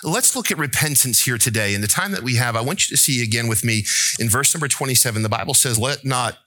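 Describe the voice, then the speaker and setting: A man's voice: fast, bright, forceful tone, no echo. A man preaching a sermon as pastor, asking the congregation questions, joking and rising to emphatic, pleading peaks. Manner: asks the congregation questions and tells jokes; rises to an emphatic, pleading pitch.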